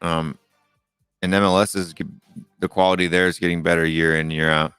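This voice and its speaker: A man's voice: low voice, level tone, fairly quick, a bit bright, clear, resonant tone, no room sound, faint music behind. A middle-aged man hosting a live call-in show, chatting casually and rambling with many fillers and restarts. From United States. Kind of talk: casual live-stream chat.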